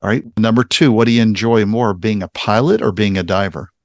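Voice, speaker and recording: A male podcast host with a somewhat low voice asks his guest questions briskly and cheerfully. The recording is dry, with little room sound. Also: no room sound. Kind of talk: interview host asking questions.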